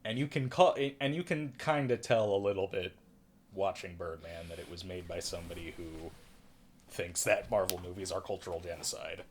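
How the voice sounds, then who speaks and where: A man's voice: deep voice, normal speed, slight background noise. A man hosting a casual film review podcast, rambling and self-correcting with a wry tone. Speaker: podcast host reviewing films. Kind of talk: casual chat.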